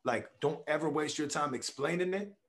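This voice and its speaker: Man, podcast guest, casual and profane, slightly higher voice. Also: normal speed. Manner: blunt, profane, animated storytelling with acted quotes. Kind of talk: casual conversation.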